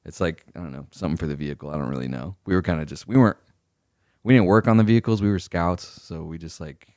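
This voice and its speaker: Young male podcast co-host, very deep voice, rapid delivery, animated storyteller who curses freely. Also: no echo, studio quality. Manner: animated storyteller, swears freely, acts out quoted superiors. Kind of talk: casual chat, storytelling.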